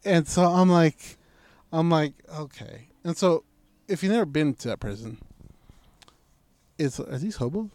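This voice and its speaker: A man's voice: fairly high pitch, expressive, measured pace, long pauses, a little mellow. A man telling a story in casual chat, acting out his own past lines and swearing freely.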